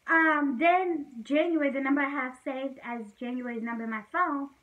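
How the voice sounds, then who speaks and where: A woman's voice: sits high, fairly even intonation, moderate pace, far from the mic, phone-quality sound. A young woman casually telling a personal story to the camera, chatty and full of fillers. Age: young adult. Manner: chatty, fillers like "like", frequent laughs.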